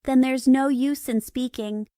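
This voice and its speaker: A woman's voice: sits high, steady tone, measured pace, dark tone, dry recording, clean studio sound. A woman reading the lines of a polite, anxious young girl, earnest and a little impatient.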